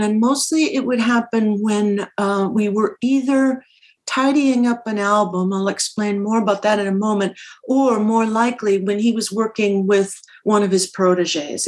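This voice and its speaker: An older woman with a Minnesota accent, a guest telling detailed stories from memory in a podcast interview, often restarting her sentences. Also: medium pitch. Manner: detailed, self-correcting recollection. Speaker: guest, audio engineer.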